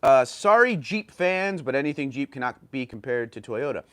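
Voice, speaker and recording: A man's voice: mid-range voice, expressive, moderate pace, a bit bright, slight background noise. A man with a New York accent hosting a casual livestream, reading viewer comments and chatting loosely with fillers and restarts. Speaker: livestream host.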